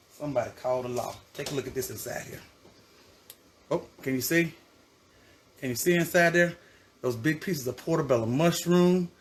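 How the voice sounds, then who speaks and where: Effusive and endlessly chatty, a man hosting a cooking show talks to his viewers and relishes the food out loud. For a man, his voice sits fairly high. The mic catches him from afar in an echoey home kitchen with faint noise in the background.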